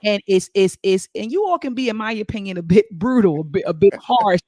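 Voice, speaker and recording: A middle-aged woman co-hosting a casual talk show, telling stories with quoted dialogue in an animated way. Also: mid-range voice, brisk, dry recording. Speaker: co-host.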